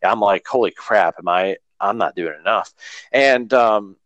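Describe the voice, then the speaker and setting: A man's voice: fairly low pitch, measured pace, fairly bright tone, no room sound, dull audio. Earnest man rambling about training, dry. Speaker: runner talking about training. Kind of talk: casual podcast conversation.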